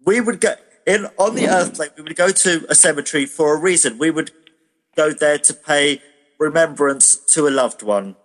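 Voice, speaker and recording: A British man, a medium, giving measured, hedging explanations in a casual radio interview. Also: a little high, a bit bright, long reverb tail. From Britain.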